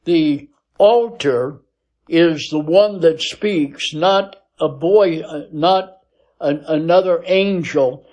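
A man teaching a Bible lesson, reading scripture aloud in a measured cadence and pausing often with "uh" as he explains. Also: on the high side, a little mellow, dull audio. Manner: slow, deliberate teaching with frequent "uh" pauses.

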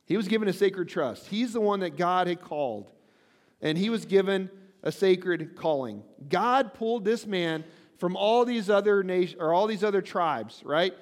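A male pastor delivers a sermon in a high, light voice, talking to the congregation like a friend and checking in with a quick "right?" He reads scripture aloud and breaks off for wry asides. His voice carries a long reverb, as if filling a large worship hall. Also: lively intonation. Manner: conversational, often checks in with "right?".

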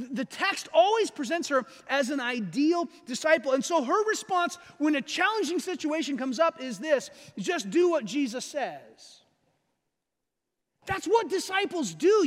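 A man preaching a sermon, animated and laughing often as he acts out quotes. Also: very high voice. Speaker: pastor. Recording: long hall reverb.

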